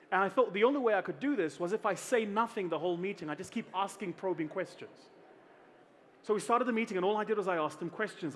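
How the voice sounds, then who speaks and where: A South African keynote speaker tells an animated, humorous story from the stage, frequently slipping into other people's voices. His voice is fairly high for a man, with faint room ambience and a little hiss or hum underneath.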